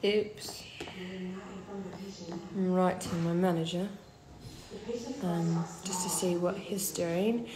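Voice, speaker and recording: A woman's voice: fairly low pitch, steady tone, takes it slowly, pauses often, roomy sound, a crowd in the background. A young woman hosting a casual phone live stream, tired and blunt, calling viewers darling. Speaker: livestream host.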